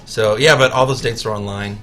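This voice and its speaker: A man's voice: lowish voice, steady tone, a bit bright, soft background music. A man, a musician guest on a radio show, chatting casually in a studio, joking about himself and restarting his sentences often. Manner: joking, self-mocking, halting restarts.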